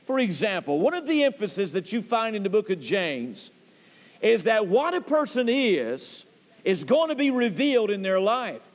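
A man preaching a sermon as pastor, speaking deliberately and stressing key words. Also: high-pitched, big pitch swings. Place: church sanctuary. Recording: long church hall reverb.

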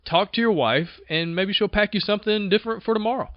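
A man voicing a calm male construction worker who reassures his coworker. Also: high voice, quick pace, no echo, dull audio, pitched above the performer's own voice, close to an everyday voice. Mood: soothing.

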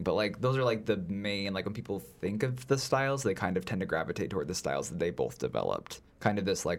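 A man with a low voice whose pitch swings widely as he talks. He chats casually about a film, rambling along and filling every pause with filler words. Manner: rambling, heavy use of "like" fillers. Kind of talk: casual film review chat.

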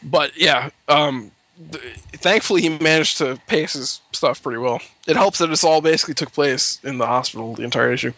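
Guy on a comics podcast, kinda high bright voice, laughs a lot, dry dull audio. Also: no room sound. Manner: animated, laughs often, does quick voices in anecdotes. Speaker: podcast host. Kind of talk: casual comic book podcast chat.

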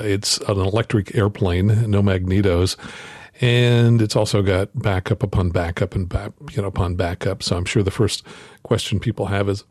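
A flight instructor talks through his answers at an easy pace, pausing on fillers as he goes. His voice sits fairly low. The sound is dry and close. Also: darkish tone, no room sound. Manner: explanatory, many fillers. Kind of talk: casual interview answers.

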